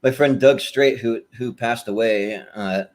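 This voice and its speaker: A man's voice: medium pitch, a little slow. A man co-hosting a podcast in casual chat, rambling with many fillers and restarts. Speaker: podcast co-host.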